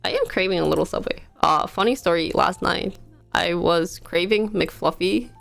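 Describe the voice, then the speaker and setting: A woman's voice: lowish voice, normal speed, creaky, fairly bright tone, soft background music. A woman livestreaming from home, telling stories in a casual, chatty way and laughing often. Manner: chatty storytelling, frequent laughter.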